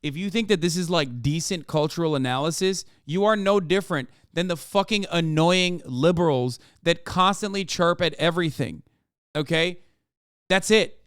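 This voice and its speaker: A man in his thirties rants through a live reaction stream, swearing and exasperated. His voice is smooth and resonant, and it sits a little high for a man. The close mic is dry, with no room sound. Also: moderate pace, a bit bright, no room sound. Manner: profane, exasperated, ranting.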